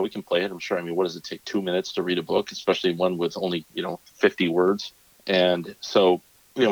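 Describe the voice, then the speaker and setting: A man in his thirties, a podcast co-host, tells a rambling story in casual chat and acts out his kids in a higher voice. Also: no room sound. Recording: dull lo-fi, dry sound.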